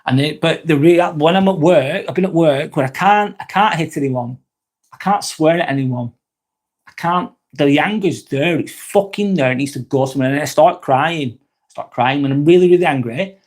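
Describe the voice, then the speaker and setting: Here a man with a fairly high voice talks at a moderate pace during his live vlog. He swears a lot, speaks casually and bluntly, and rambles with restarts as he reads and answers comments from chat.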